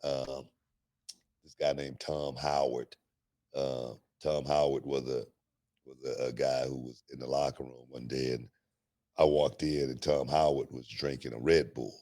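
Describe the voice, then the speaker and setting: Deep-voiced man telling animated stories. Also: unhurried. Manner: animated, laughing storyteller with slang. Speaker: podcast co-host. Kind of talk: casual storytelling chat.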